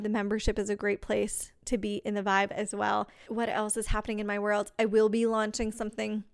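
A woman's voice: medium pitch, creaky, smooth, no echo, studio quality. A woman hosting a business-coaching podcast, talking energetically and stacking rhetorical questions. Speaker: podcast host and business mentor. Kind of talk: motivational coaching talk.

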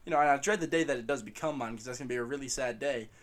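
A young man co-hosting a casual sports podcast, animated and laughing, calling everyone bro. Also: mid-range voice, racing. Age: young adult. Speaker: podcast co-host. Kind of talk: casual chat.

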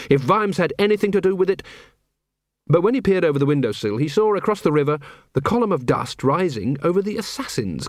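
Expressive male audiobook narrator. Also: on the high side, no room sound, studio quality. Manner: expressive, wry storytelling. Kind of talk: scripted narration.

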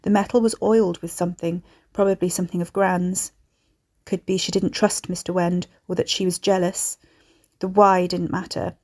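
Low, even-voiced woman narrator. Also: normal speed. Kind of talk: scripted horror narration.

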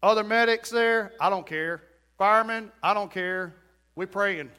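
A man's voice: sits high, unhurried, pushed and bright, clean tone. A middle-aged male pastor preaching a storytelling sermon in a church, acting out quotes and building to emphatic points.

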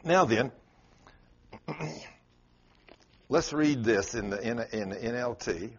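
A man's voice: lively intonation, slow, husky. A male pastor preaching a sermon, telling a story with sudden rises and drops in his voice. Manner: storytelling with dramatic swings in pitch and loudness. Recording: muffled lo-fi sermon recording.

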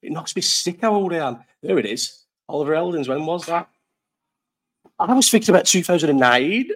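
A man's voice: on the high side, expressive, fairly quick, fairly bright tone. Rambling, swearing man in his thirties. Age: 30s. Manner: rambling, swearing, laughing storyteller. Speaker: live stream host. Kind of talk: casual live chat. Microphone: desk mic, partly covered.

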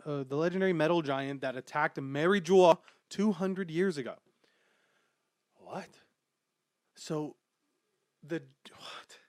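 A young adult man hosting a casual podcast about manga chapters, rambling with many fillers and growing excitable as he talks. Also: on the high side, dry recording, studio quality. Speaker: podcast host.

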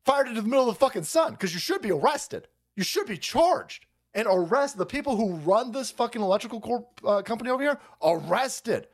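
High-pitched, animated foul-mouthed male streamer. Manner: foul-mouthed, sarcastic, exasperated; repeats words in rapid bursts. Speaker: livestream host. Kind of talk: profane livestream rant.

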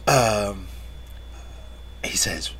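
A man's voice: fairly low pitch, drawn-out words, breathy edge. A young man co-hosting a podcast, telling stories in casual chat, cursing freely and laughing as he goes. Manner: profane, laughing, acts out yelled quotes. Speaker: podcast co-host.

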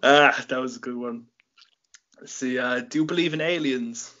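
A man's voice: mid-range voice, moderate pace, pushed and bright, lo-fi sound. A young Irish man hosting a casual late-night podcast, swearing freely and laughing at his own jokes. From Ireland. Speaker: podcast host.

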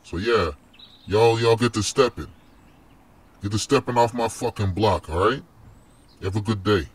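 Slangy, laid-back bear mugger, low-voiced, put on by a man. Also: measured pace. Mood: pleased dismissive. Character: hungry street-talking male bear mugger.

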